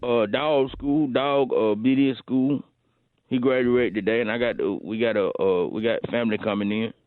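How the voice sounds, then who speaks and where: A man's voice: medium pitch, steady tone, moderate pace, no room sound, voice pushed down, natural voice. A man voicing a dim, boastful male caller from the hood who stammers and fills his talk with "uh". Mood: deadpan bragging. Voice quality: hesitant, full of stammers and "uh". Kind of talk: comedy phone prank bit. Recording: tinny dry phone line.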